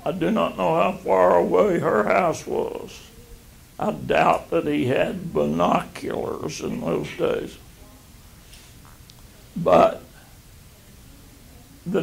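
An older man teaching a Bible lesson, reading scripture aloud and explaining it in a slow, halting way. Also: on the high side, gravelly.

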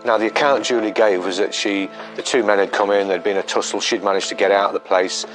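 A police detective with a very low voice talks through an investigation in measured, halting sentences, filling gaps with ums. Soft music plays faintly under his words. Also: fairly even intonation. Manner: measured, hesitant with many fillers. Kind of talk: documentary interview.

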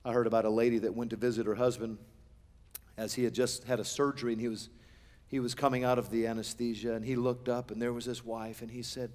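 A man, the pastor, preaching a sermon in a church sanctuary on a pulpit microphone, animated, with humorous asides. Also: medium pitch, fast talker. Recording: long church-hall reverb.

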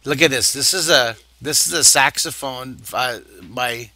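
A middle-aged man talks kids through a drawing live, chatty and playful, joking about himself as he goes. His voice is bright and forceful. It sounds dry and close. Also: medium pitch, measured pace, dry recording. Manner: chatty, playful, self-mocking. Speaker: drawing teacher. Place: art camp in Texas.

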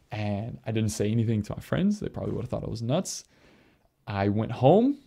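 A young man, a priest, telling his conversion story in an earnest, halting way with many fillers. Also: medium pitch, gravelly, warm tone. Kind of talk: personal testimony.

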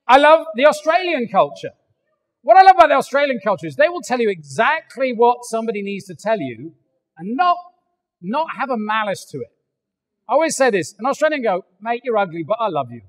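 An older English man preaching a sermon, animated and joking, acting out little voices as he goes. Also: very high voice, a little fast, big-room sound. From England. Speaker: pastor. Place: large church hall.

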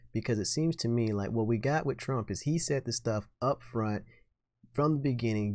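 A man's voice: mid-range voice, warm tone, dry recording, clean studio sound. A man hosting his own political commentary show, talking in an opinionated, sarcastic way. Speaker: host.

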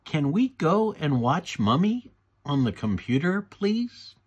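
A man's voice: on the high side, sing-song, slow pace, a little mellow, slightly rough, voice pushed up, heavily acted. A man voicing an eager, bossy little girl piglet in a read-aloud storybook.

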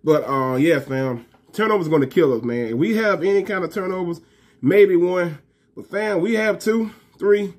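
Husky, emphatic male fan vlogger. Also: sits high. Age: 30s. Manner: emphatic, repetitive, slangy, calls viewers fam; talks fast. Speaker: college football fan vlogger. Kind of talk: casual fan rant to camera.

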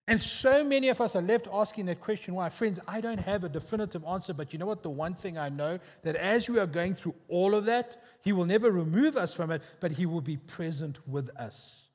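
A man's voice: high-pitched, lively intonation, a little fast, few pauses. South African man preaching in a hall. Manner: conversational storytelling with quoted voices. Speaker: pastor. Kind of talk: sermon. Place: church hall. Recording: long hall reverb.

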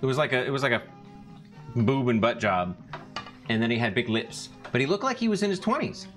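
A young man with a bright, forward voice that swings widely in pitch as he jokes and tells stories. He chats casually on a cooking stream, with soft music faintly behind him. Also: brisk. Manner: joking, expressive storyteller who reads out chat messages. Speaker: bar worker.

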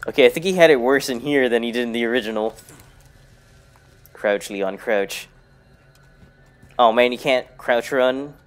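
A man in his own voice talks through a horror game, half under his breath, swearing and joking at the screen. His pitch sits at an ordinary middle, and it jumps sharply when something startles him. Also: moderate pace, long pauses. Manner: mutters quietly, bursts into loud startled shouts; profane, jokey self-talk to the game. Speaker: gaming YouTuber. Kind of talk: casual let's-play commentary.

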